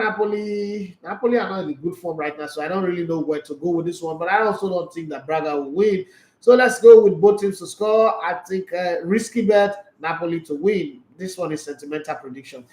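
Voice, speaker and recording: A man's voice: high voice, reverberant, poor audio. A man hosting a sports show, talking casually through football predictions with teasing rhetorical questions. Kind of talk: casual football preview talk.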